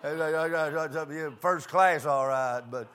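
An older man preaching a sermon, telling folksy stories, dropping to quiet asides and rising to shouts. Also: a little high, extremely slow, clean tone.

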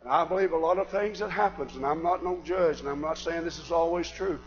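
Fiery high-voiced preacher man, lo-fi. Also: fairly quick, soft background music. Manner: fiery, swings from shouting to quiet earnest talk. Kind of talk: sermon.

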